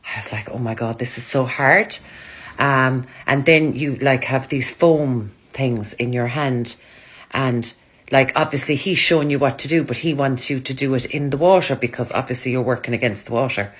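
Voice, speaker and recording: A woman's voice: rumbling low, normal speed. A woman chatting casually to her followers, telling self-mocking stories. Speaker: social media creator.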